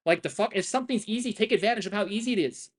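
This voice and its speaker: A man's voice: high-pitched, rapid-fire, husky. A young man ranting on a trading livestream, brash and boastful, swearing heavily and tagging lines with "right?". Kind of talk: profane ranting livestream talk.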